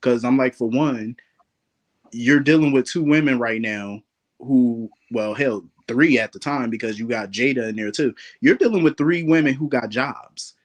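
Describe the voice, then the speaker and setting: A man's voice: mid-range voice, normal speed. A man in a casual chat, talking in a blunt, profane and slangy way.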